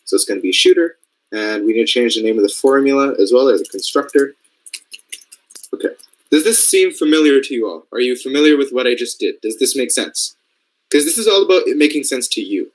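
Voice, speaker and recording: The recording is low-quality, and the young man's medium-pitched voice is expressive and a little fast. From Canada, he mentors robotics programming in a casual screen-share coding lesson, thinking out loud and often making sure his listeners follow.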